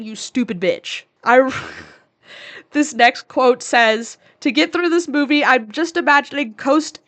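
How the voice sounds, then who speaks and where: A woman's voice: high-pitched, a bit bright. Crude, sarcastic young woman ranting. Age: 20s. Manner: crude, sarcastic, swears freely. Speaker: podcast co-host. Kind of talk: casual ranting movie recap.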